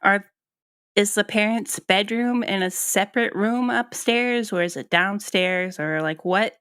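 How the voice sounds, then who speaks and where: A woman's voice: mid-range voice, a little slow, a bit bright, clean tone, no echo, clean studio sound. A woman co-hosting a podcast in casual chat, hesitant with many ums and restarts. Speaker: podcast co-host.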